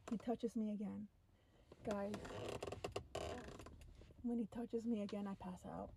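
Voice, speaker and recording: A young woman tells a first-person story to camera in an animated, breathless way, with many "like" fillers. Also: mid-range voice, unhurried, creaky, pauses often, husky, low-quality recording.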